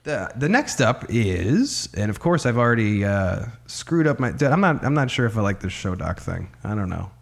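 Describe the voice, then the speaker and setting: A man co-hosts a casual podcast in a loose, swearing way. His pitch swings widely as he talks, rising and falling with lots of movement. He runs the segments and keeps things moving. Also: very animated, normal speed, creaky, few pauses. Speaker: podcast co-host. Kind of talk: casual profane podcast chat.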